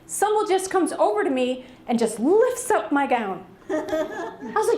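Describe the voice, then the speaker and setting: A woman in her forties doing a stand-up comedy set, animated and acting out voices in her stories. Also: high-pitched, slow, pauses often. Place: virtual variety show stage. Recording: roomy, with loud crowd and noise.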